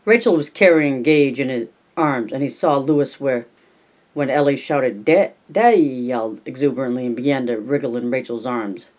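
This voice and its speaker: An amateur audiobook reader narrates a novel at home in a casual, unpolished way, slipping up and restarting now and then. The voice is medium in pitch and moderate in pace.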